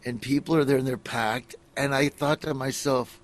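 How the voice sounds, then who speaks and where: A man's voice: mid-range voice, steady tone, moderate pace, few pauses. A middle-aged man from Nebraska, a comedian telling rambling stories in a casual interview, acting out other people as he goes.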